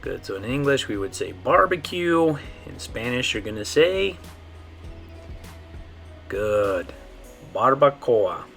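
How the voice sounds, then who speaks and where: A man teaching a pronunciation lesson, saying each model word slowly and checking in often with the class. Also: fairly low pitch, very animated, creaky, faint music behind. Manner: slow, drawn-out model words with frequent "okay?" checks. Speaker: Spanish teacher.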